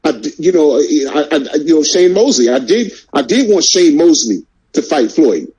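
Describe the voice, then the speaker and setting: Husky guy ranting about boxing, mellow tone, keeps asking "you understand?". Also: on the high side, big pitch swings, normal speed, dull audio. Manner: fired-up, repeats words, rhetorical questions. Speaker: boxing show host. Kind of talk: casual boxing talk.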